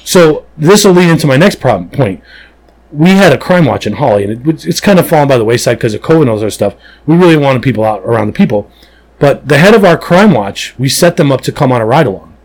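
A man's voice: medium pitch, fast, poor audio. A man who works as a police officer, chatting casually on a podcast in an emphatic, blunt way. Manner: animated storyteller, emphatic and blunt.

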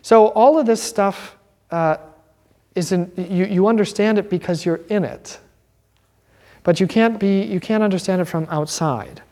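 A man, a pastor, teaching an informal Bible class in an animated, joking way. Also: sits high, measured pace. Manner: animated, joking, acts out quoted voices.

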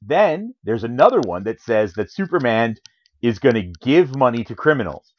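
A man casually recapping a comic in a rambling, animated way, full of fillers, on a dull lo-fi recording. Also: medium pitch, moderate pace. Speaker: podcast co-host.

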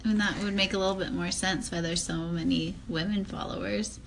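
A woman's voice: medium pitch, fairly even intonation, fairly quick. A woman co-hosting a casual chat podcast, reading from notes and chatting with frequent "like" fillers. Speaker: podcast co-host.

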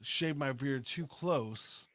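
A man hosting a show, chatting casually in a laid-back, halting way full of ums. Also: mid-range voice, fairly bright tone, no echo. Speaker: podcast host. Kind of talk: casual chat.

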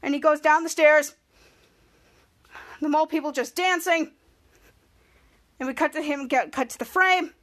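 A woman's voice: sits high, steady tone, moderate pace, long pauses, a bit bright. A woman podcast host casually recapping a TV episode, rambling and repeating herself as she goes.

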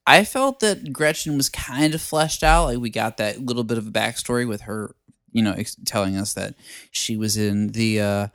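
A man's voice: lowish voice, normal speed, a bit bright, dry recording, studio quality. A man co-hosting a podcast, rambling in casual chat with many fillers. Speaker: podcast co-host.

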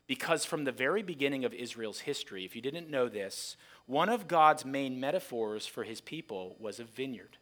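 A man preaching a sermon, reading scripture aloud dramatically and acting out the voices of a shouting crowd. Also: medium pitch. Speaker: pastor.

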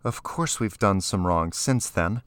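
A man reading aloud, voicing a calm, guarded teenage girl raised in a prison camp, speaking matter-of-factly. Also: sits low, a little slow, no room sound.

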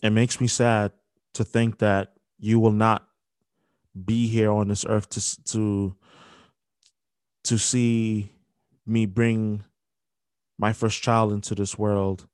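A young man hosting a podcast, speaking a halting, grief-filled dedication with many restarts. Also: lowish voice, flat delivery, a little mellow, smooth, no echo. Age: young adult. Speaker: podcast host. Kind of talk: emotional spoken dedication.

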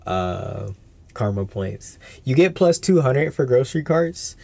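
A man's voice: medium pitch, lively intonation, slow pace, gravelly, a little mellow. A young man hosting a casual solo podcast, talking in a laid-back, rambling way full of slang and swearing. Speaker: podcast host.

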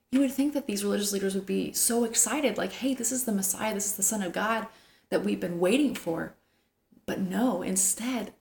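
A woman giving a devotional Bible teaching, earnest and tender, sometimes dropping to a soft whisper for emphasis. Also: mid-range voice, creaky, echoey room.

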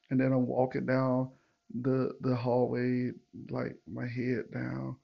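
Gravelly man telling a loose story. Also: mid-range voice, level tone, normal speed, highs cut off. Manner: loose, conversational, many fillers and asides to listeners. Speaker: podcast host. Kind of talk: casual storytelling monologue.

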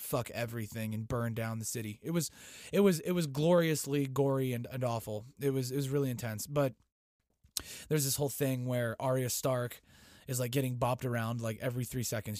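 A man giving an excitable, foul-mouthed casual recap of a TV episode. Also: medium pitch, no echo, clean studio sound. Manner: excitable, heavy swearing.

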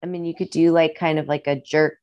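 A woman's voice: low voice, fairly even intonation, a little fast, a little mellow, no echo, muffled recording. A young woman with a Midwestern accent, chatting casually and a little rambling as a guest on a podcast. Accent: Midwestern American. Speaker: musician and guest.

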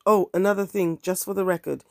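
A woman's voice: medium pitch, fairly even intonation, brisk, vocal fry, dry recording, studio quality. A woman hosting her own podcast, talking candidly in a wry, ranting monologue. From African heritage. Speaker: podcast host and bookseller.

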